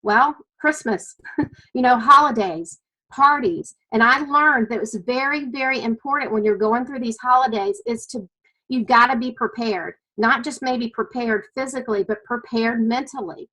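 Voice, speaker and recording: A woman's voice: fairly high pitch, moderate pace, pushed and bright, poor audio. A middle-aged woman with a Southern US accent, giving an earnest, emotional personal testimony about her weight-loss journey. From American South. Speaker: weight-loss client sharing her story.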